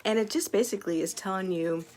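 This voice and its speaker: Speaking fast in a medium-pitched, slightly mellow voice, a woman who runs a small business chats to camera about self-development, upbeat and casual with her followers and using lots of fillers.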